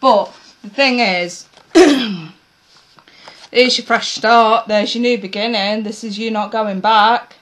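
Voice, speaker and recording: A woman giving a casual tarot reading to her viewers, blunt and swearing freely, her voice going a bit hoarse. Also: on the high side, low-quality recording. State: losing her voice, coughing. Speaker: tarot reader.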